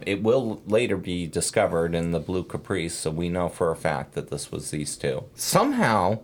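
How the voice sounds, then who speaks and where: A man with a low voice hosts a casual true crime podcast, rambling through the case with many fillers and self-corrections.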